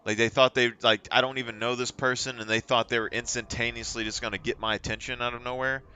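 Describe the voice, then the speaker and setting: A man's voice: medium pitch, little pitch movement, fast, pushed and bright. A young man streaming a game, chatting and rambling through stories as he plays. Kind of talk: casual chat while playing.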